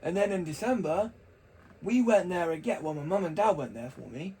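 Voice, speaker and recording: A man's voice: high-pitched, lively intonation, moderate pace, mellow, slightly rough, rough recording. A young man talking casually to camera, rambling and chatty with frequent restarts. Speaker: vlogger.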